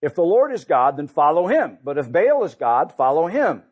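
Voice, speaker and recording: A man's voice: on the high side, sing-song, normal speed, slightly rough, muffled recording, voice pushed up. A man reading the lines of a bold male prophet challenging a crowd, with raised, emphatic scripture reading.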